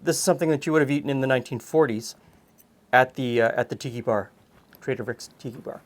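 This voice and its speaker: A man's voice: medium pitch, fast. Chatty male cooking show host. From Canada. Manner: relaxed, chatty, frequent "um"s. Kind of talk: casual cooking chat.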